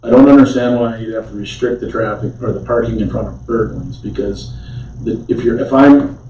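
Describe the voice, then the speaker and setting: A man's voice: lowish voice, fairly even intonation, brisk, warm tone. A man at a city council meeting, questioning a proposal in a skeptical way and stumbling over his words as he thinks. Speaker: council member. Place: council chamber. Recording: far-off mic, echoey chamber, dull sound.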